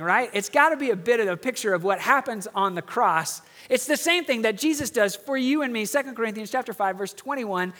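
A middle-aged male pastor preaches, telling a story in an earnest way and slowing down on key words. His voice sits high for a man. The sound carries the long reverb of a church hall. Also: pushed and bright. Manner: storytelling, earnest, slows for emphasis. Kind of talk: sermon.

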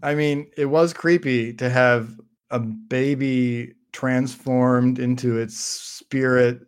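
A man's voice: medium pitch, fairly even intonation, slow, clear, resonant tone. A man co-hosting a casual podcast chat, joking around and often restarting his sentences. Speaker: podcast co-host.

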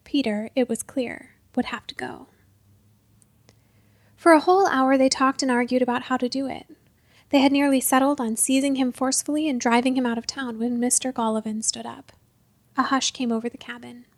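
A woman narrating a story in the first person, measured and dropping to a hush at tense moments. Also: sits high, steady tone, dry recording.

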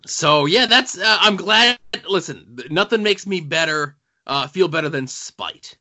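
Chatty podcast guy, bright tense voice, a bit high, rambly and jokey, lo-fi sound. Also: lively intonation, measured pace. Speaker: podcast co-host. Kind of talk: casual chat about comics and TV. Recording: dull lo-fi sound.

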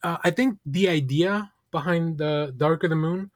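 Male podcast co-host: slightly high voice, dry sound, easygoing rambling delivery. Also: normal speed, no echo. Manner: rambling, loose, filler-heavy. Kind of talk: casual podcast chat.

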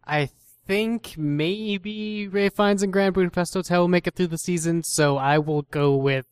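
A man's voice: high-pitched, measured pace, clear, resonant tone, dry recording. A man on a film podcast panel, hesitant and dry in his humor. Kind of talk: casual chat.

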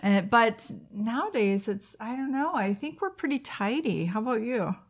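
A woman in her forties co-hosting a casual chat show, chatty and rambling, quick to laugh. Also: fairly high pitch, expressive. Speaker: podcast co-host.

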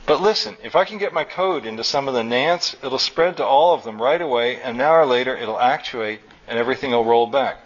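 A man's voice: mid-range voice, a little fast, few pauses, natural voice. A man reading as an agitated engineer. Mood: insistent. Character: stubborn, agitated middle-aged male engineer. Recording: dull recording with faint room noise.

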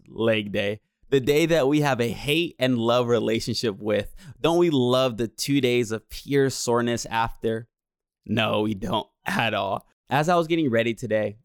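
A young man in his twenties gives a heartfelt motivational talk in the cadence of a preacher. His voice is smooth and resonant at an average pitch. The sound is dry and close. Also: no echo. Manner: earnest, preacherly, repeats "you see". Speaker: motivational speaker. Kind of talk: inspirational monologue.

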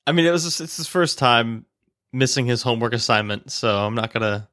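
A man's voice: medium pitch, lively intonation, a little fast, a bit bright. A man with an Ohio accent hosting a podcast, joking through casual banter. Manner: joking, playful. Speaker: podcast host.

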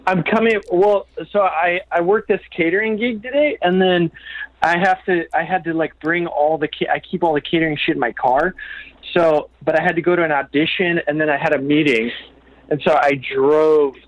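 A man's voice: on the high side, fairly even intonation, normal speed, no room sound. A man telling rambling, profane stories over a phone call from a catering kitchen at work. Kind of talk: casual chat.

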